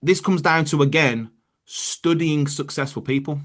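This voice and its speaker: A man's voice: a little high, unhurried, a bit bright. A man leading a motivational call about network marketing, talking casually with lots of restarts and "bro" and "man.". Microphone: online call.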